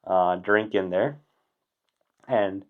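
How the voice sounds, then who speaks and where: A man's voice: low-pitched, drawn-out words, phone-quality sound. A man in casual podcast chat, telling a rambling story with lots of ums and chuckles.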